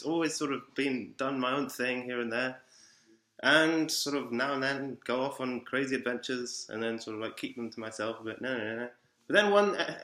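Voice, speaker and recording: A man's voice: medium pitch, fairly bright tone. Agitated, profane young man. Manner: profane, agitated, repetitive ranting. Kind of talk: rambling personal monologue. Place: room in a psychiatric ward. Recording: echoey room.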